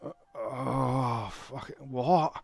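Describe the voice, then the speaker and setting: A man's voice: medium pitch, extremely slow, gravelly, no echo, pitched above the performer's own voice, full character voice. A man voicing a hungover, grumbling male coach driver who groans, sighs and swears under his breath. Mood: groggy, grumbling.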